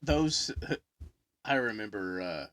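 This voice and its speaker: A man chatting casually, laughing and retelling stories with lively voices. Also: fairly low pitch, slow, no room sound. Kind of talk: casual chat.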